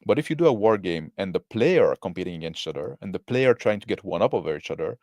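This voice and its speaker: Man, casual reaction commentary, rambling, lots of fillers, fairly low voice, dry recording. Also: expressive, quick pace, darkish tone, no room sound. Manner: rambling, many fillers and tag questions. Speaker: co-host reacting to a video.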